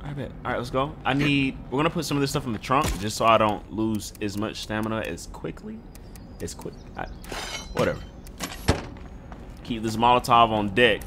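A man playing a video game at home, commenting excitedly and shouting at the characters. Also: mid-range voice, moderate pace, noisy background. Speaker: gaming YouTuber. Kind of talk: let's play commentary. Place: home room.

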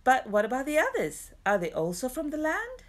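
Woman doing a kind lantern guy leading folks over a marsh, calm and firm, pitched up high. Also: brisk, heavily acted. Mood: steady. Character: honest kindly male marsh guide with lantern.

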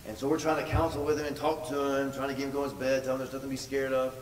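A man preaching a storytelling sermon, pressing his points by repeating words. His mid-pitched voice carries through a big church hall. It sounds like it was picked up from a distance, with a long reverb tail and faint noise underneath. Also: completely flat delivery, very fast. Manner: emphatic, repeats words for stress. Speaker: pastor.

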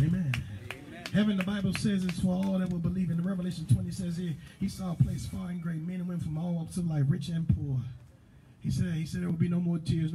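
A man preaching a fervent sermon in a church, calling out to the congregation and rising to shouts. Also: sits high, slight background noise, poor audio. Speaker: pastor. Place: church sanctuary.

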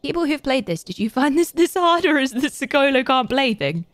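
A British woman streaming a game and talking to her chat, excitable and chatty. Her voice sits a little high and sounds dry and close to the mic. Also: brisk, no room sound. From Britain. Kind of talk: casual gaming commentary.

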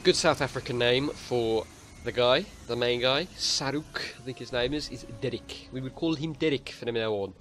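A man's voice: medium pitch, moderate pace, a bit bright. A young man giving casual let's-play commentary, swearing freely and muttering to himself as he plays. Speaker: gaming channel host.

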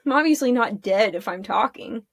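A woman's voice: a little high, expressive, normal speed, slightly rough, no room sound. A woman voicing a cocky young warlock boy who teases and wisecracks in a storybook read-aloud. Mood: teasing. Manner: teasing, wisecracking.

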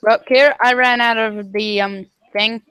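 A woman's voice: on the high side, fairly even intonation, a little slow, fairly bright tone, smooth, no room sound, poor audio. Playful woman chatting over a game. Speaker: co-player, guest. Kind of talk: casual gaming chat.

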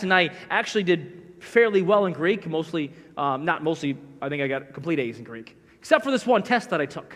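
Male pastor, middle-aged, high pitch, chatty self-deprecating sermon, church reverb. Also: a bit bright. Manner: conversational, self-deprecating storytelling. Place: church sanctuary. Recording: long church hall reverb.

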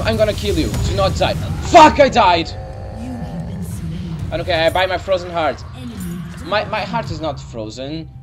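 Excitable young gamer shouting over music. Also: male voice, fairly high pitch. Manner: shouty, swearing, jokey voices. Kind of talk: excited gaming commentary. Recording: gameplay music behind voice.

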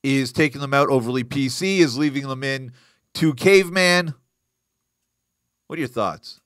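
A man's voice: mid-range voice, moderate pace, no room sound, studio quality. A man hosting a live boxing news show, chatting casually, joking and answering viewer comments. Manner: animated, joking, reacting to live chat. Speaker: host.

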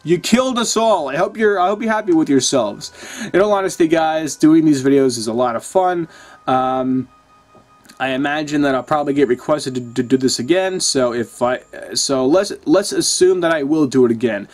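A man's voice: fairly high pitch, normal speed. A young man doing casual commentary over a video game, swearing often and ranting in exasperation. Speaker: let's play gamer.

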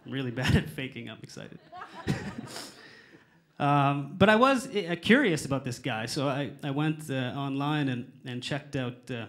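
A middle-aged American man doing stand-up, his voice sitting a touch high for a man. He rambles through fillers and drops profanity in a dry, sardonic way. A faint hiss sits under the club recording. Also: lively intonation, normal speed, a bit bright. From United States. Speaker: stand-up comedian. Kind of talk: stand-up comedy set. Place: comedy club stage.

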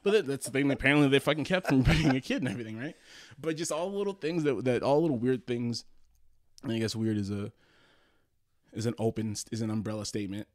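A man's voice: medium pitch, fast, dry recording, clean studio sound. A man co-hosting a podcast, telling rambling, profane stories in casual chat, full of restarts and laughs. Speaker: podcast co-host.

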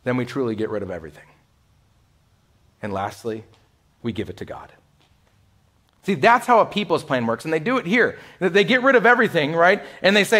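A male pastor delivering a sermon in a conversational way, swinging from loud, emphatic lines to hushed ones and acting out the voices he quotes. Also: on the high side, big pitch swings, fairly quick. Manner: conversational, many "like" asides and laughs. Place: church sanctuary.

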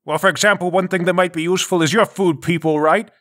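A man with a high, bright voice plays his character at a tabletop game. He talks brash and jokey, full of bluster. The sound is dry and close. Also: steady tone, quick pace, no echo. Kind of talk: in-character tabletop role-play.

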